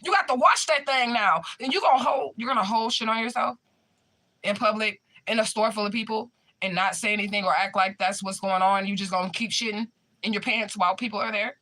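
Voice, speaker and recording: A woman's voice: mid-range voice, fairly even intonation, a little fast, fairly bright tone. A young woman chatting casually with her viewers, telling a story in an emphatic, profane way. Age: young adult. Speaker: spiritual medium streamer.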